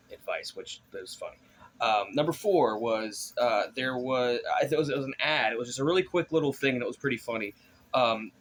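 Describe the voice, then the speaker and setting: A man's voice: mid-range voice, a bit bright, a little hiss or hum. A man giving a casual spoken movie review, rambling with many fillers and restarts.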